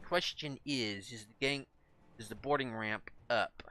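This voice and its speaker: With food in his mouth, a man who makes gaming videos rambles through casual gameplay commentary, thinking out loud amid many fillers and false starts. He speaks at a measured pace in a medium-pitched, sharp-toned voice.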